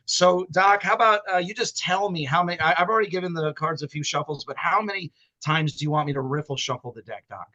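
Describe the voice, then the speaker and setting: An excitable man with a high, bright voice banters as a guest magician on a live stream. His talk is playful and full of stammering restarts. He comes through a video call mic. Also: fast talker, hardly any pauses, highs cut off.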